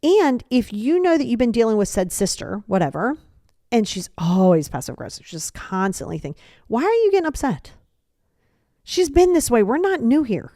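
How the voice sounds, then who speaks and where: A woman hosting a podcast, giving casual advice and acting out example dialogues in quick quoted voices, repeating phrases for emphasis. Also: on the high side, sing-song, warm tone, dry recording, studio quality. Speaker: podcast host.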